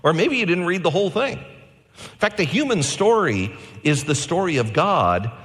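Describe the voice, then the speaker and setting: Animated man preaching in a reverberant hall. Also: high voice. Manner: animated, varied delivery with slow emphatic phrases. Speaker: pastor. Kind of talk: sermon.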